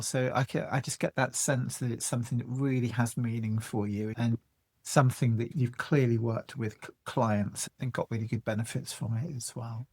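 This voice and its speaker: Male host, mid-pitched, dry close sound, affirming interviewer. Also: dry recording. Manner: warm, affirming, asks thoughtful questions. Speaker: podcast host. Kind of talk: podcast interview.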